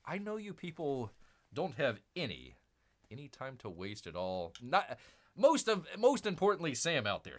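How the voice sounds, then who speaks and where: A man with a mid-range, fairly bright voice hosts a casual comic book live stream. He rambles through fillers and restarts, refers to himself in the third person as Bear, and keeps calling his viewers "people."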